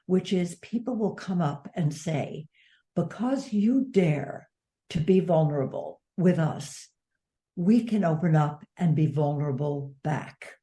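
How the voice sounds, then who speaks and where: An older woman author speaking in an interview, earnest and measured. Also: low voice, dark tone. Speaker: author and advocate. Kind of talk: interview conversation.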